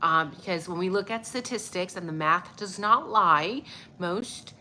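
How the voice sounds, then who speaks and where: Young woman livestreaming, kinda stuffy, bright sharp voice, chatty n swears a lot, bit of hiss in the back. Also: fairly low pitch, measured pace. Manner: chatty, swears freely, greets viewers by name. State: a little stuffy. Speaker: livestream host. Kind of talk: casual livestream chat reading viewer comments.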